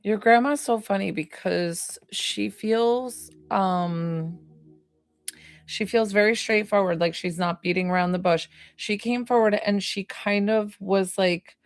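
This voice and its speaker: Tired woman doing a psychic reading on a stream, chatty and rambly, kinda gravelly, dry close sound. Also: mid-range voice, measured pace, no room sound. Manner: chatty, rambling, hesitant with fillers. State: tired, yawning. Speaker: psychic medium. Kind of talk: live-stream medium reading.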